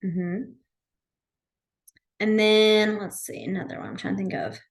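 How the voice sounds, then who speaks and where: A woman's voice: medium pitch, fairly even intonation, unhurried. A woman teaching a beginner sign language class in a library, chatty and informal, with lots of fillers and self-corrections. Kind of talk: casual class instruction.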